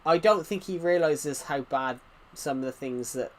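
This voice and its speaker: A man's voice: on the high side, normal speed. A man giving casual, rambling commentary while playing a video game, chatting and drifting onto side topics. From Britain. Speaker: gaming channel host.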